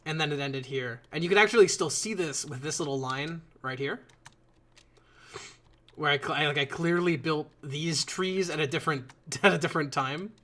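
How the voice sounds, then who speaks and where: His voice is a little high, bright and forceful, at a moderate pace. Building in a game on a live stream, he chats loosely to viewers, rambling and cursing, and keeps yawning.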